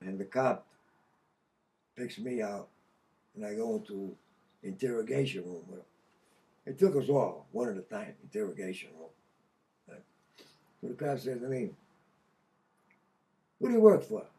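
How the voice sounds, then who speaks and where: An older man from Connecticut telling a story casually, profane and animated, laughing mid-sentence. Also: on the low side, normal speed, long pauses, far from the mic. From Connecticut, USA. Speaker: podcast guest.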